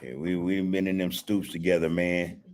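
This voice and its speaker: A man's voice: low voice, little pitch movement, normal speed, a little mellow, a little hiss or hum. An older man hosting a podcast, telling stories in a casual, profane way and laughing often. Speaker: podcast host. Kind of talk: casual storytelling chat.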